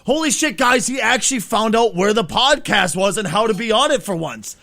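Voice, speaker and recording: Excitable high-voiced podcast host guy. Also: normal speed, vocal fry, dry recording. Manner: excitable, laughing, swearing. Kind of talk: casual chat.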